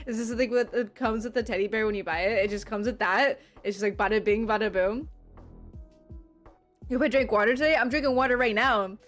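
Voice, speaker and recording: A woman's voice: fairly high pitch, fairly quick, faint music behind. A young woman streaming as a VTuber, chatting casually with her viewers, rambling and laughing often. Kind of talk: casual livestream chat, reading and answering chat.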